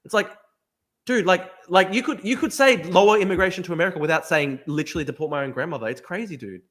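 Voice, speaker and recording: A man with a high, quick voice argues in a heated debate, sounding exasperated. He keeps stammering, restarting his sentences and saying "dude". He is from Australia. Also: fairly bright tone. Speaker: podcast host.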